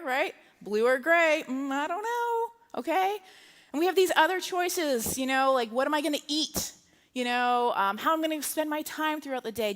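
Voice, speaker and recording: A woman preaching in a light, conversational style, often checking in with her listeners. Her voice sits high. The sound rings with long reverb, as in a large hall. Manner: chatty and humorous, tags lines with "okay?" and "right?". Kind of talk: conversational sermon. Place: church sanctuary, live service.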